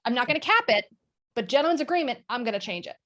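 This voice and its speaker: Brief: candid woman on a call, slightly high voice, quick and blunt. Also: animated, fairly bright tone. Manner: frank, fast, swears casually. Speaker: guest sales leader. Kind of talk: casual panel chat.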